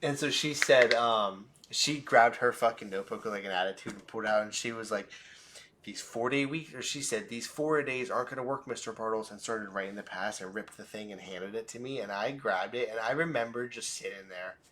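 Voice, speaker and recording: A young man chats on a podcast in a rambling, profane way. He often laughs at himself mid-story, and his voice sits slightly low. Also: brisk, hardly any pauses, fairly bright tone, slight background noise. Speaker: podcast co-host. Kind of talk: casual chat.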